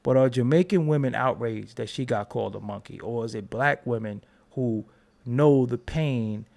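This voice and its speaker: An American man hosting a commentary channel, talking in an animated, emphatic and profane unscripted rant. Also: mid-range voice, normal speed, creaky. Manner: animated, emphatic, profane, talks over repeated restarts.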